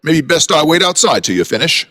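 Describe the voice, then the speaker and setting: A man puts on a raised, lively voice for an anxious, courteous British father in an audio story. He speaks with a British accent in formal, apologetic phrases, and the recording carries a long hall reverb. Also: fairly high pitch, brisk, pitched above the performer's own voice, full character voice. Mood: uneasy polite. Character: British father on holiday, uneasy, polite.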